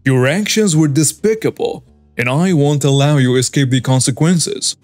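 A man as a stern, calm police commander. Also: a little high, moderate pace, soft background music, lightly acted. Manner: calm, firm, unwavering.

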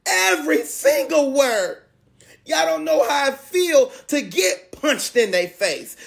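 A man's voice: very high voice, creaky, fairly bright tone. A man in an emotional rant to camera, upset and tearful, pleading with viewers and repeating himself. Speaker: vlogger.

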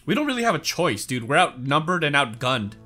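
A man giving casual gameplay commentary, animated and easily grossed out. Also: on the high side, fairly quick, soft background music.

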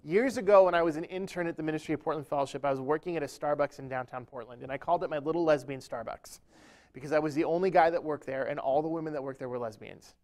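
A man's voice: on the high side, fast, a little mellow. A man speaking at a church event, telling a humorous, self-deprecating story within a sermon-style talk.

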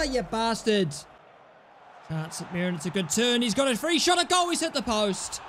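A man giving excitable live commentary over his own football video game, muttering calls to teammates and then yelling at misses, with cheeky, sweary banter. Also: very high-pitched, moderate pace, slight background noise. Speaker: gaming YouTuber.

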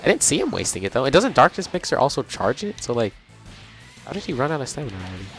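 A young man giving casual, chatty commentary on a video game as he plays, reacting out loud and laughing often. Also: medium pitch, big pitch swings, fast talker. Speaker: gaming channel host. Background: game music.

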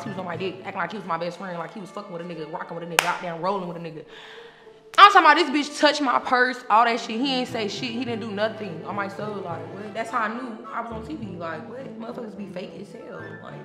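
Brash, foul-mouthed woman, loose unscripted tell-all, frequent laughs, roomy echo. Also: medium pitch. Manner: brash and profane, laughs often. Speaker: reality TV personality looking back on her show. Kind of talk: casual unscripted monologue. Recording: echoey room with music underneath. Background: music.

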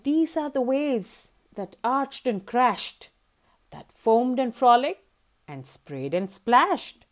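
A woman reading a rhyming picture book aloud as a storyteller, with a sing-song, expressive delivery. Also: fairly high pitch, slow pace.

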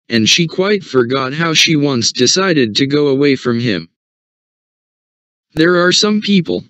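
A man narrating a short story for English learners in an even, measured reading. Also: fairly high pitch, no echo. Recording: dull, dry recording.

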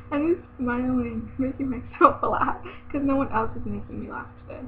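A woman's voice: high voice, steady tone, normal speed. A teenage girl ranting in a casual webcam vlog, chatty and giggly, rambling and exasperated. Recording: tinny phone-like webcam audio, faint hiss.

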